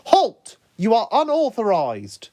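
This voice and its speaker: A man's voice: sits high, huge pitch swings, slow, warm tone, dry recording, pitched above the performer's own voice, heavily acted. A man doing a barking ninja guard with a Japanese accent. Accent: Japanese, put on. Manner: barking, commanding. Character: shouting male foot ninja guard.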